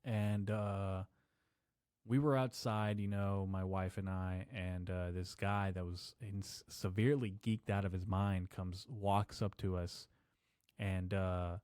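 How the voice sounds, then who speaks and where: A man hosting a solo podcast, rambling through profane stories and deadpan jokes. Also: low-pitched, slow, clean tone, no room sound, studio quality. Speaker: podcast host. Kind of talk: casual solo podcast rant.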